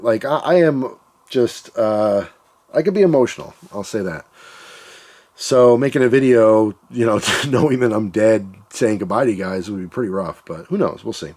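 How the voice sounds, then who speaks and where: A man's voice: mid-range voice, animated, moderate pace, a little mellow. A man hosting his own channel, talking in a rambling, candid way and describing himself as emotional. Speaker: channel host. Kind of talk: casual reflective vlog monologue.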